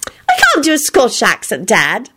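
A woman's voice: moderate pace, husky, full character voice. A woman doing a giggly giddy young woman. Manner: high, giggly and excitable.

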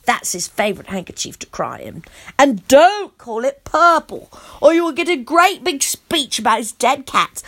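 A woman reading a first-person storybook aloud as its storyteller, in an animated, childlike narrator voice. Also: sits high, moderate pace.

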